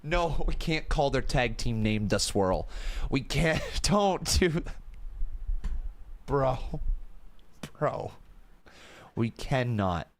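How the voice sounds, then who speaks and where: A young man hosting a live watch-along stream, chatting to his viewers and often breaking into laughter. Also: mid-range voice. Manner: excitable, laughs a lot, talks to chat as "guys" and "bro". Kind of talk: casual live-stream commentary.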